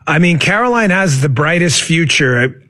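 A man with a high, somewhat husky voice hosts a casual political talk show. He talks in an animated way, turns sarcastic, and sometimes leaps up into shouting. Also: normal speed.

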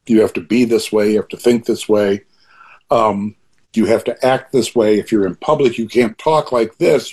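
A man's voice: mid-range voice, darkish tone, breathy edge. An older man talking as an interview guest, earnest and rambling, often restarting and going off on asides. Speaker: author guest being interviewed. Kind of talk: reflective interview talk.

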